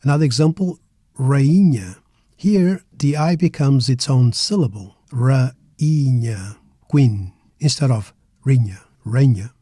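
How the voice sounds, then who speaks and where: A middle-aged man teaching a pronunciation lesson, slowly modeling words syllable by syllable. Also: mid-range voice, lively intonation, warm tone, no room sound, clean studio sound. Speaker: language teacher. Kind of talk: slow, careful pronunciation lesson.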